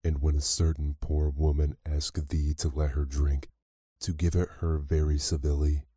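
A man voicing a harsh, scolding mother in a storybook reading, with old-fashioned speech, close to his own deep voice. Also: level tone, normal speed, mellow, slightly rough, no room sound. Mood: scheming.

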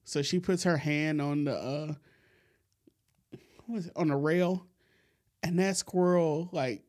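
A man's voice: on the high side, steady tone, slow, a little mellow. Laid-back man swearing through a story. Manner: laid-back, profane, laughs often while telling stories. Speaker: podcast host. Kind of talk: casual storytelling chat.

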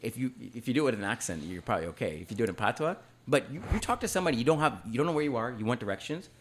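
A man co-hosting a casual podcast chat, emphatic and swearing, swinging between loud bursts and quieter stretches. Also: mid-range voice, animated, very fast. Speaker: podcast co-host.

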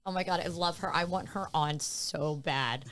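A woman's voice: fairly low pitch, moderate pace, fairly bright tone. A woman hosting a podcast in casual chat, laughing often and swearing freely. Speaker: podcast host.

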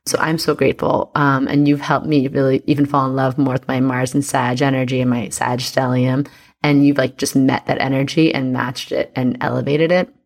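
A woman's voice: rumbling low, little pitch movement, moderate pace, vocal fry, a little mellow. A woman chatting casually and playfully with many fillers as an astrologer reading her business partner's chart. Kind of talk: casual chat.

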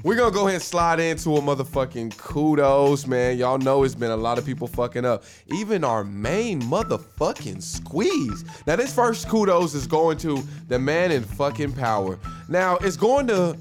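A male podcast host in loose, profane banter with his friends. His pitch swings widely and he breaks into laughter often. The music bed behind him comes through clearly. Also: animated, moderate pace, hardly any pauses.

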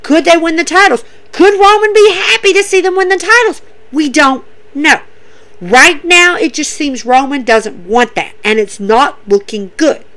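A woman's voice: high voice, normal speed, fairly bright tone. A woman casually recapping wrestling episodes, enthusiastic and repetitive, with many fillers.

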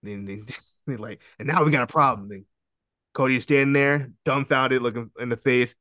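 Excitable man on a podcast, dry sound. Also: medium pitch, brisk, no room sound. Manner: excited, laughing, swearing, acts out quotes. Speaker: podcast co-host. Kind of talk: casual chat.

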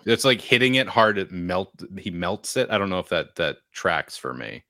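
A man's voice: sits low, very animated, moderate pace, bright, forceful tone, dry recording, clean studio sound. A man from the United States co-hosting a casual podcast, wry and teasing. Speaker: podcast co-host. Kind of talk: casual chat.

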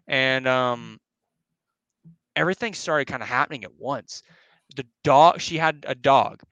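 A man's voice: medium pitch, fairly bright tone, clear, resonant tone, no echo, low-quality recording. A young man casually telling a spooky personal story, rambling and slangy, cursing and acting out other people's lines. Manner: rambling, slangy, profane, acts out voices. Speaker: podcast host.

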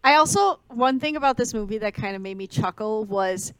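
A woman's voice: on the high side, animated, a little fast, a bit bright, clean tone. A young woman co-hosting a podcast, chatting casually about a movie in a dramatic, joking way and laughing often. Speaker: podcast co-host. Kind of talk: casual chat recapping a movie.

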